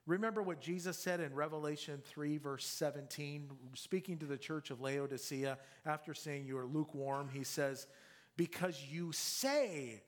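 A man with a slightly higher voice preaches a conversational sermon. He talks plainly and emphatically, pushing up loud on key words, then sinking to a soft, low delivery. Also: moderate pace. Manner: conversational, emphatic, with lively swings from loud to quiet. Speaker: pastor.

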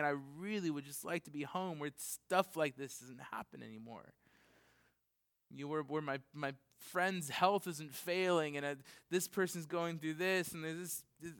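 Smooth and animated, this thirty-something preacher alternates booming, excited questions with hushed, low readings of scripture, and he laughs frequently.

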